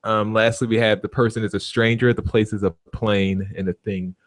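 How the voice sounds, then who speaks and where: A man's voice: lowish voice, flat delivery, normal speed, no echo. A young man co-hosting a casual chat show, easygoing and plain-spoken. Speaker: podcast co-host.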